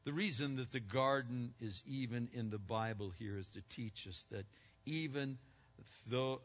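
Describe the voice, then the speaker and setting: A man preaching a sermon as pastor. His delivery swings between loud, emphatic peaks and hushed, low passages. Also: unhurried. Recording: muffled lo-fi sound with long reverb.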